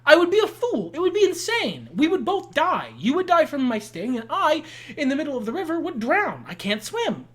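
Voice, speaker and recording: A woman's voice: sits high, huge pitch swings, normal speed, pitched above the performer's own voice. A pleading scorpion, as a woman puts it on. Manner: pleading, insistent. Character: wheedling scorpion pleading for a ride.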